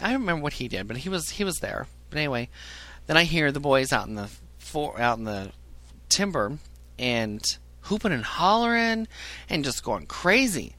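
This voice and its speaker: A man telling a crude comic story in a casual, animated way, swearing freely and laughing at his own jokes. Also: medium pitch, no room sound. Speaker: podcast storyteller.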